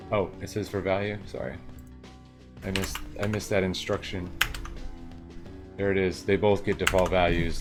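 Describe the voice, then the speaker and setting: A man streaming himself working through coding exercises, reading the instructions aloud and tossing in jokey asides, sound effects and a hammed-up New York twang. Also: on the low side. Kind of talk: casual live-coding commentary.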